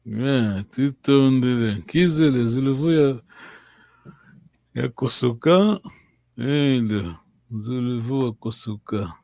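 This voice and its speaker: A man teaching a language lesson, giving slow, patient and encouraging drills. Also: mid-range voice, creaky, darkish tone, dry recording.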